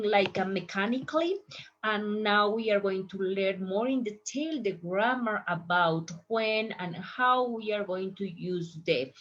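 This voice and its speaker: Woman teacher explaining slow w/ lots of uhs, dull lo-fi sound. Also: mid-range voice. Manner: explaining slowly with fillers. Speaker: Spanish teacher. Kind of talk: language lesson. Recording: dull lo-fi recording.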